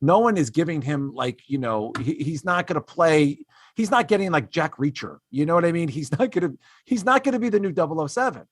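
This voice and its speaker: Brisk and animated, a man with a fairly high voice hosts a casual comedy podcast, ranting in exasperation with many fillers and restarts. Quoting others, he switches to mocking put-on voices. The audio has no echo and is studio quality.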